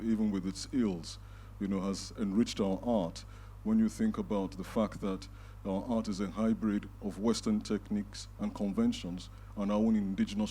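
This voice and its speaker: Dark-voiced man hosting. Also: on the low side. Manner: measured, with frequent filler pauses. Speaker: event host. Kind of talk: closing remarks at a panel event. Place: event hall before a live audience.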